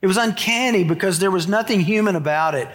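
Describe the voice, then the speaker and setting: Older pastor guy with a high voice, folksy sermon, tells homey stories. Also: fast, fairly bright tone. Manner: folksy storytelling, shifts from Bible reading to humorous anecdotes.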